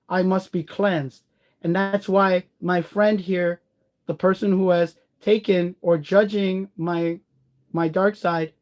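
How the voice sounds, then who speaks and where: Man, casual live-stream chat, rambling, encouraging, greets viewers. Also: high-pitched. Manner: warm-hearted, encouraging.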